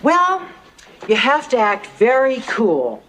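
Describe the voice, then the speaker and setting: A woman's voice: fairly high pitch, huge pitch swings, slow, fairly bright tone, a little hiss or hum, exaggerated voice. An actress playing a bubbly woman who coaxes a friend with eager dating advice in a sitcom. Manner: eager, coaxing. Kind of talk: sitcom acting.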